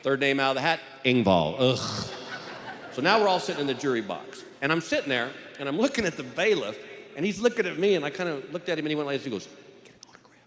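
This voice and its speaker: A man's voice: fairly high pitch, sing-song, fast talker, a bit bright. A man doing stand-up, telling a story and acting out the voices of the people in it. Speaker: stand-up comedian. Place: stage in a large hall. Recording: live show in a hall, audience noise.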